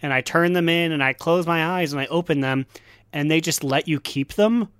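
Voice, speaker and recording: A man's voice: a little high, fairly quick, fairly bright tone, clean tone, dry recording. A man co-hosting a casual gaming podcast, often laughing mid-sentence as he tells his story. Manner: laughs often while talking. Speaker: podcast co-host.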